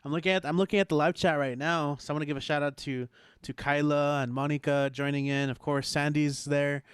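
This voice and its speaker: A man's voice: on the high side, brisk, clear, resonant tone, no echo, clean studio sound. A man hosting an online open mic over a video call, talking casually with restarts and fillers. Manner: relaxed, hesitant, friendly shout-outs.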